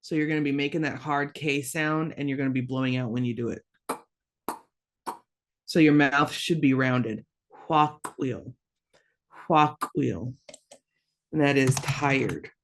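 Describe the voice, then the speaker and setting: A woman teaching a language lesson, slow and patient, repeating words for learners to echo. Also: very deep voice, slight background noise.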